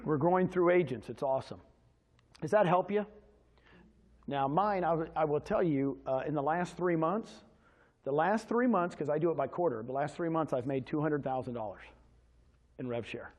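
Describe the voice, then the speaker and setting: Energetic man quizzing his audience. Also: on the high side, moderate pace, pauses often. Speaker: presenter at a real estate agent meeting. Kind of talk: motivational sales presentation.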